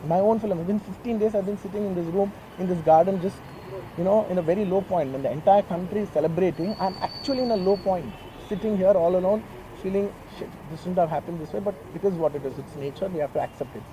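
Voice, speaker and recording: A man's voice: sits high, fast, dark tone. A man, giving an earnest, emotional press statement and often repeating himself, sometimes switching into Telugu. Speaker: film actor at a press meet. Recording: noisy with traffic outside.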